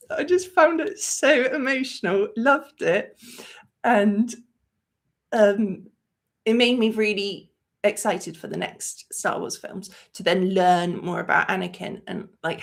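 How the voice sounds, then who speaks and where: A movie review channel host talks in a creaky, mid-range voice during a live-stream chat. Her speech is emotional and meandering, packed with filler words.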